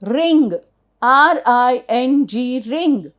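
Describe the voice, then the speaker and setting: Speaking very slowly with a high, lively intonation, a middle-aged Indian-accented woman takes children through English phonics. She spells out each word one letter at a time and supplies the answers to her own questions.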